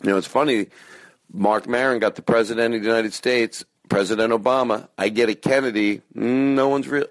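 A man's voice: medium pitch, fairly even intonation, a little fast. Man rambling playfully into his phone. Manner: playful, silly, rambling asides. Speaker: podcast host. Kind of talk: casual comic intro. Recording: phone-recorded, dry.

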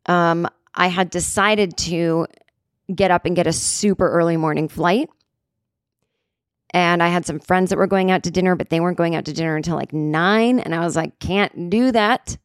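A woman's voice: on the low side, moderate pace, no echo, studio quality. A woman comedian hosting a podcast, telling a story in a casual, digressive way, full of "like" and "you know", from a hotel room.

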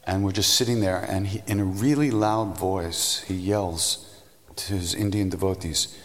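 A man giving a storytelling spiritual talk, unhurried, meandering and reflective. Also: low-pitched, steady tone, in a large hall. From United States. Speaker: spiritual teacher.

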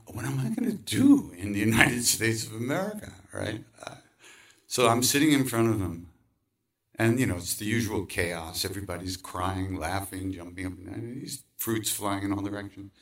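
A man's voice: fairly low pitch, distant mic. A man telling a personal story in conversation, acting out quoted voices and laughing often. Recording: voice from away from the mic.

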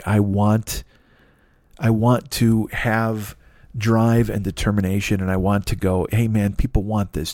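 A man's voice: lowish voice, a little mellow, no echo. A man hosting a podcast in a casual solo monologue, rambling and self-critical with many restarts. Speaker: podcast host.

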